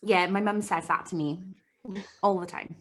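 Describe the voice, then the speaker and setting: Lively woman telling a story. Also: fairly low pitch, a little slow, slight background noise. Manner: animated, acts out quoted voices. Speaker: podcast co-host. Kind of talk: casual storytelling chat. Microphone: home mic, live streamed call.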